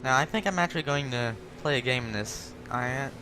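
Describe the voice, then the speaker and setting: Speaking briskly in a mid-range voice, this male gaming host chats his way through a tank showcase, rambling and fixing his own words as he goes. Background noise and loud game sound sit under his voice.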